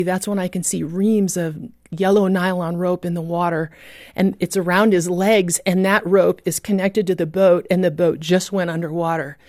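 A woman's voice: fairly low pitch, no room sound, studio quality. Earnest woman telling a rescue testimony. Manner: earnest storytelling with vivid reenacted shouts. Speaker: guest telling a personal story. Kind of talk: emotional testimony.

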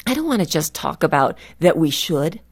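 A woman from California speaks in a fairly low voice, earnest and reflective. She draws out her key words slowly and carefully as the guest author in a faith radio interview. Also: very animated, breathy edge. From California, USA.

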